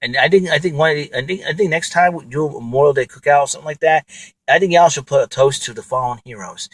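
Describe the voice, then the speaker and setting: A man's voice: medium pitch, no echo, low-quality recording. A man hosting his own podcast, talking alone in a rambling way with many fillers and restarts. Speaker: podcast host. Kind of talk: casual monologue.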